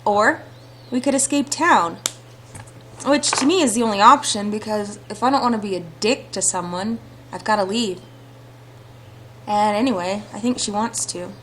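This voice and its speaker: A woman's voice: medium pitch, normal speed, pauses often, a bit bright, slight background noise. A woman hosting a let's play, musing casually about the story choices. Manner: chatty and musing. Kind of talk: casual game commentary.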